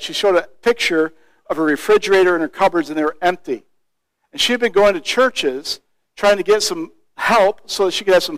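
A man with a fairly high voice tells a personal story as a street evangelist, animated and lively as he acts out other people's lines. The sound is dry and close, with no room echo.

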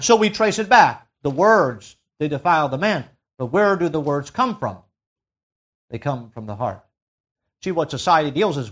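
High-pitched male preacher, emphatic sermon delivery with big swings in volume. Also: animated, normal speed, a bit bright. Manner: emphatic, swells and drops in volume; asks the congregation to fill in words.

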